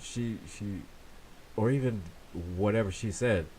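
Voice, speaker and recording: A man co-hosting a casual wrestling talk show, speaking haltingly with fillers and restarts. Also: on the low side, crowd noise. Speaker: podcast co-host.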